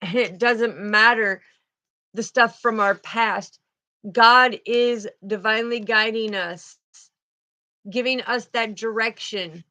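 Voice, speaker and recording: A woman's voice: on the high side, steady tone, slow pace, sharp tone, poor audio. A woman doing a spiritual card reading, talking in a fervent, emotional way and often repeating herself.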